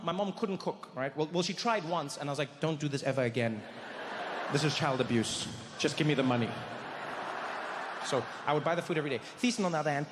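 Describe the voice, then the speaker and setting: Animated high-voiced male comedian on stage. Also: slight background noise. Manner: animated, acts out scenes, speeds up and slows for effect. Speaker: stand-up comedian. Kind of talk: live stand-up storytelling. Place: theater stage before a live audience. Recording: hall reverb, faint ambience.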